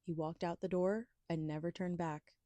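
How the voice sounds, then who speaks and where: A woman with a low, mellow voice shares a personal story on her podcast. She talks candidly and with emphasis, and the sound is close and dry. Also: steady tone, moderate pace, no echo. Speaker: podcast host.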